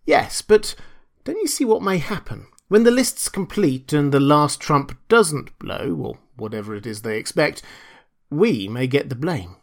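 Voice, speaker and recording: A man's voice: a little high, big pitch swings, a little slow, vocal fry, exaggerated voice. A man voicing Chuck, a nervous and urgent young computer engineer, in an audiobook reading. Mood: uneasy.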